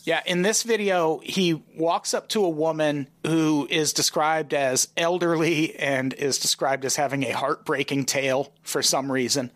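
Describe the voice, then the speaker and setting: A man's voice: fairly high pitch, fairly even intonation, unhurried, hardly any pauses, fairly bright tone. A man co-hosting a comedy podcast, reading out a news story in a wry, casual way. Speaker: podcast co-host.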